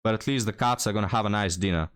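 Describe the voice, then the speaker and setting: Scornful lecturing man, low voice. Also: racing, smooth. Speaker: reaction commentator. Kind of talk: mocking reaction commentary.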